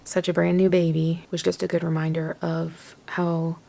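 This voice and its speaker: A woman's voice: on the low side, little pitch movement, normal speed, gravelly, mellow, a little hiss or hum. A young woman, casually chatting through a travel vlog and gushing over food and sights. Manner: enthusiastic, gushing. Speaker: vlogger.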